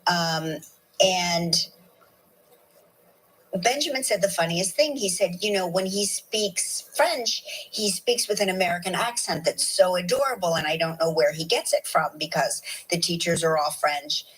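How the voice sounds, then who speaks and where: A woman co-hosting a talk show, telling stories in a lively, chatty way. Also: on the low side, unhurried, husky, low-quality recording. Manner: lively storyteller. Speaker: co-host. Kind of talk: casual talk-show banter.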